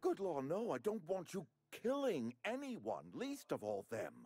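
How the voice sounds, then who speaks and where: A man's voice: high voice, huge pitch swings, a little slow, mellow, husky, soft background music, exaggerated voice. A man voicing a pompous middle-aged outpost administrator in a video game, who talks in a formal, fussy and ingratiating way. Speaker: game character.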